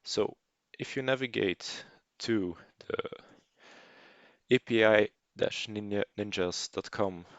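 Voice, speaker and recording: Low, gravelly male tutor, dry and close, unscripted explaining over his screen, dull lo-fi voice-over. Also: dry recording. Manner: casual, unscripted explaining with fillers and restarts. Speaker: programming tutor. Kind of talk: screencast coding tutorial narration.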